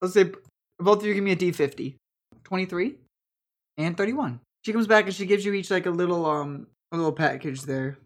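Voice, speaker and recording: A woman's voice: lowish voice, brisk. Casual woman game master. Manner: casual, filler-heavy narration. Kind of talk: narrating a tabletop game.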